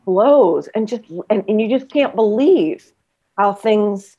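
A woman's voice: medium pitch, expressive, slow, mellow, dull audio. A woman in casual conversation, a former trauma nurse and body therapist who talks reflectively, rambling with many fillers.

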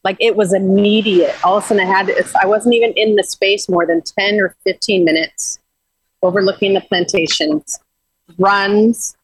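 A woman's voice: medium pitch, steady tone, moderate pace, breathy edge, no room sound, rough recording. A woman guest earnestly recounting a spiritual journey in casual, rambling talk with frequent restarts.

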